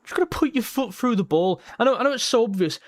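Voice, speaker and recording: Excitable man hosting a watchalong. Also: very high voice, quick pace. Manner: excitable, blunt, swears at players. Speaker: fan watchalong host. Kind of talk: live match watchalong reaction.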